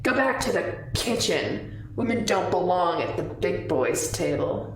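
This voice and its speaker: A woman voicing a contemptuous man who jeers loudly from a bar table. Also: lowish voice, big pitch swings, a little slow, a little hiss or hum. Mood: jeering. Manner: shouting, contemptuous. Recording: roomy distant mic.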